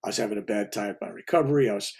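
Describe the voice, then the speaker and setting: A man's voice: fairly low pitch, very fast, a little mellow, slightly rough. An older man, a reverend, telling a spiritual story in a casual, rambling way. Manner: rambling, casual, with restarts and asides. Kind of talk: conversational storytelling.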